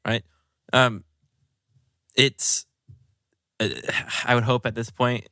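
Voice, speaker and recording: A man's voice: lowish voice, sharp tone, no echo, clean studio sound. A young man co-hosting a casual podcast, explaining drug pharmacology with lots of ums and fillers.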